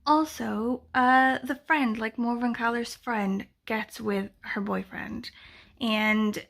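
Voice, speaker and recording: A woman's voice: a little high, fairly even intonation, slow, gravelly, a bit bright. A woman vlogging casually about books, rambling and chatty and full of fillers, talking from home. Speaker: book vlogger, readathon co-host. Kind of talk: casual chat to camera.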